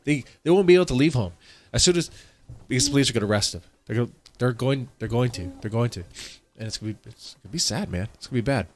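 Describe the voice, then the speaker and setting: A man's voice: medium pitch, animated, fast talker, slight background noise. A man hosting a casual live-stream reaction, rambling and repeating himself as he talks to his chat, congested from allergies.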